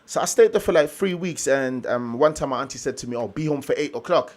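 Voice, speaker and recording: Telling his story in a relaxed interview, a young motivational speaker from Germany performs the dialogue of the people he quotes with animated flair. He speaks fast in a mid-range voice.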